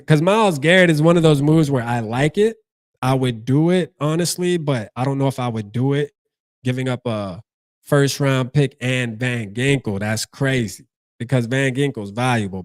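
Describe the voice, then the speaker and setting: A man's voice: mid-range voice, no room sound, studio quality. A man hosting a casual sports fan stream, talking in a laid-back, slangy way. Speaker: sports channel host.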